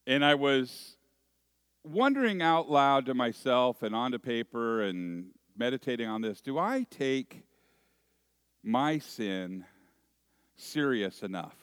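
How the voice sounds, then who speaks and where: Man preaching; slow and deliberate, mid pitch, dry close recording, storytelling with rhetorical questions. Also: clear, resonant tone, no echo. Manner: expressive storytelling with acted asides and rhetorical questions. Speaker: pastor. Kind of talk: sermon.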